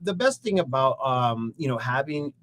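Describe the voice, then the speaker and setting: A male host doing a casual interview, joking and filling pauses with "uh". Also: mid-range voice, lively intonation, fairly bright tone. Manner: jokey, lots of "uh" fillers. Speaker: radio show host.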